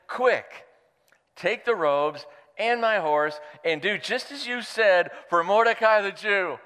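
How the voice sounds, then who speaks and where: A man doing a brisk commanding king. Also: high voice, pushed and bright, clean tone, long reverb tail, voice pushed up, heavily acted. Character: commanding ancient male king.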